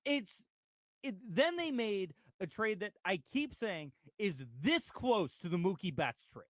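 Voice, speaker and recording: A man hosts a casual sports radio talk show with a lively, animated delivery and a slightly high voice. He talks easily and reads out comments from the chat. The sound is dry and close. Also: unhurried, no room sound.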